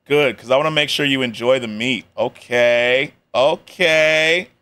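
A man's voice: mid-range voice, a little slow, sharp tone, clean tone. A young man reacting to a video on a live stream, joking in slang and laughing often. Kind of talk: casual reaction commentary.

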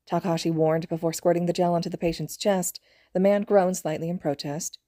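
A woman narrating fan fiction as an audiobook, with a low, mellow voice and steady, even delivery. The sound is close and dry, with almost no room around it. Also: a little fast, no room sound. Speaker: podfic reader.

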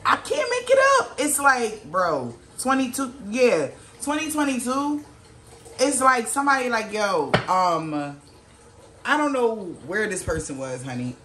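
A woman's voice: big pitch swings, unhurried, reverberant, noisy background. A woman giving a casual tarot reading, slangy and swearing freely, acting out what others might say. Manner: slangy, swears, quotes people in lowered voice. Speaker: tarot reader.

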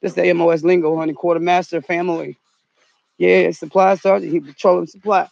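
A woman vlogging outdoors in the cold, talking in a dramatic, slangy way and shouting out calls. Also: on the low side, little pitch movement, brisk, gravelly, dry recording. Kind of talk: casual outdoor vlog. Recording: dull lo-fi phone audio.

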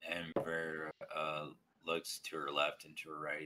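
A man's voice: very deep voice, completely flat delivery, measured pace, sharp tone, slight background noise. A man narrating his character's actions in a tabletop game, hesitant. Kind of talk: tabletop role-play.

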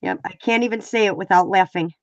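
A woman's voice: mid-range voice, quick pace, dry recording. A woman with a stuffy, congested nose chatting casually on a craft livestream, giggling and reading out viewer comments. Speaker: co-host. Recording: dull lo-fi online call audio.

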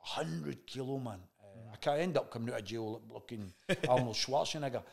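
Speaking a little fast in a mid-range voice with vocal fry, this Scottish-accented man is a chat show guest. He recounts a story in relaxed conversation, cursing liberally and performing the remembered exchanges.

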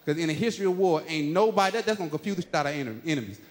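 A man doing a stand-up routine, prodding the crowd in a casual, quick delivery. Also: on the high side, expressive. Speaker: stand-up comedian. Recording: live hall reverb.

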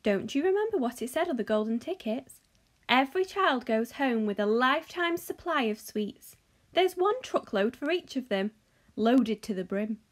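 Eccentric man, brisk, cheerful, woman reading aloud, high lively voice, storybook. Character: eccentric grown man, brisk chocolate maker.

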